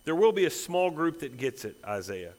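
A man's voice: a little high, sing-song, normal speed, darkish tone. A pastor delivering an expository sermon in a voice sitting a little above the usual male range. He is emphatic and stacks repeated phrases as he builds intensity.

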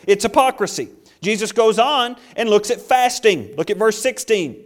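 A man's voice: expressive, normal speed. A man preaching a sermon, reading scripture and acting out voices. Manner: preaching with acted-out voices and dramatic pitch swings. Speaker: pastor.

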